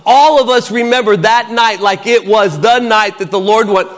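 A middle-aged man giving a lively personal testimony at a church gathering, acting out dialogue as he tells his story. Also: high-pitched, normal speed. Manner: lively storyteller who acts out the dialogue and laughs often. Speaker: lay minister sharing his testimony.

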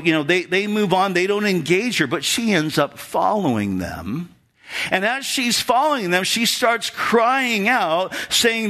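Lively, high-voiced man preaching. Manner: animated, conversational preaching with acted-out quotes. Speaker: pastor. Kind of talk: sermon.

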